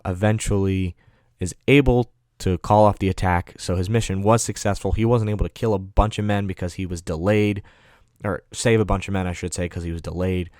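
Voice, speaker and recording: A man giving a casual, rambling film review, full of fillers and quick self-corrections. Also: deep voice, darkish tone, no room sound, clean studio sound.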